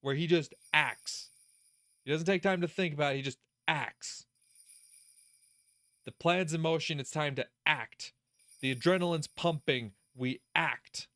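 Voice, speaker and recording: Animated, profane man commenting on a game. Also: a little high, unhurried, pauses often, dry recording, clean studio sound. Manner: animated, profane, laughs often, talks straight to the character. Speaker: let's play host. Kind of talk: casual gaming commentary.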